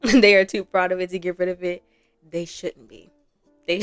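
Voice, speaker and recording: A woman's voice: fairly low pitch, steady tone, a little slow, soft background music. A young woman giving casual gameplay commentary as a gaming creator, chatty and rambling, laughing often.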